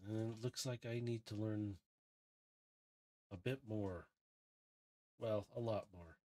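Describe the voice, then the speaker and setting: Relaxed male game master narrating. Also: fairly low pitch, takes it slowly. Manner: relaxed, descriptive, loose phrasing.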